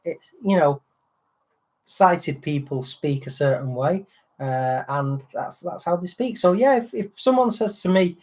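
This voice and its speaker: A man, co-hosting a relaxed livestream chat and telling anecdotes, acting out other people's lines. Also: fairly high pitch, unhurried. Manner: chatty storyteller, acts out other people's lines. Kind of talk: casual chat.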